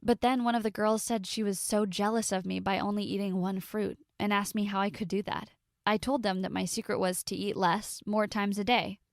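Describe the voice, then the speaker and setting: A woman in her twenties narrating a first-person story in a confessional tone, with dramatic pauses. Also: medium pitch, fairly even intonation, creaky, no echo, studio quality.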